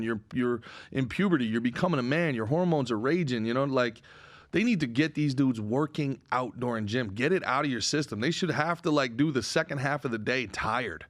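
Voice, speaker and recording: A man's voice: mid-range voice, fairly bright tone, no room sound. A man in his twenties co-hosting a podcast, rambling casually with crude jokes and lots of filler words. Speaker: podcast co-host.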